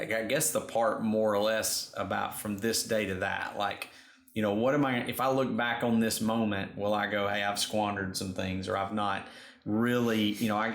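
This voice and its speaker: Host: man, low gravelly voice, reflective, lots of fillers. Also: fairly bright tone, echoey room. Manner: reflective, thinks aloud with many fillers. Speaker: podcast co-host. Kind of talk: casual chat.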